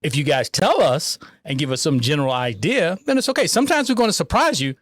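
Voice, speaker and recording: A man with a slightly higher voice co-hosts a podcast interview. His delivery is relaxed and conversational. The recording is dry and close. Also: fast, no echo. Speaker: podcast co-host. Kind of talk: casual interview hosting.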